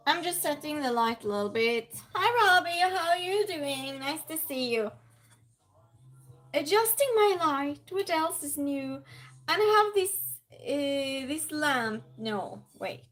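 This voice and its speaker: A woman with a high, light voice speaks at a slow, easy pace. She hosts a casual live-stream game night, chatting, laughing often and greeting each viewer by name. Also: animated, fairly bright tone, faint music behind. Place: at home by a desk lamp.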